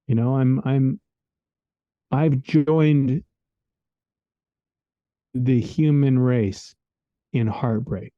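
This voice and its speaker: A man's voice: mid-range voice, fairly even intonation, drawn-out words, pauses often, dry recording, dull audio. A man co-hosting a podcast, talking in an earnest, rambling, casual way, full of "like" and "man", recorded remotely. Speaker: podcast co-host. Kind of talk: casual reflective conversation. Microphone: remote call microphone.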